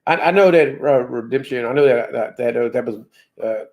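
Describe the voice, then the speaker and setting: A man's voice: medium pitch, brisk, darkish tone. A man hosting a casual live stream, rambling loosely and laughing at himself. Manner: self-deprecating. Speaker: host.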